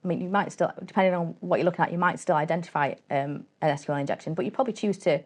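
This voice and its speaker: Low-voiced woman, chatty and direct. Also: rapid-fire. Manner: chatty, straight-talking, explains with acted-out dialogue. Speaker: guest, cybersecurity company CEO. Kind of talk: casual interview chat.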